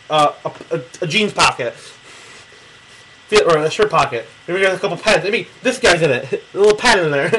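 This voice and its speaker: A man's voice: sits high, sharp tone, slight background noise, poor audio. A young man from Michigan rambling casually and profanely while drawing a map for someone, laughing often. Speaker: video replier. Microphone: camera mic close to the face.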